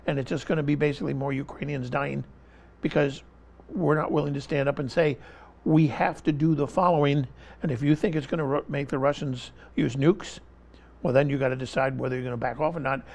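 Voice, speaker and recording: Here a man with a fairly high, gravelly and slightly mellow voice is being interviewed. His political commentary is impassioned and emphatic; he keeps driving home one point and speaks right over interruptions.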